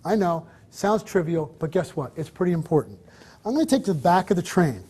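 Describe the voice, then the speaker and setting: On the move inside a hotel, a man teaches wedding photography, directing his subject and explaining to viewers by turns. His voice sits high, with lively intonation, a brisk pace, a dark tone, and a breathy edge. He's coaching and encouraging throughout.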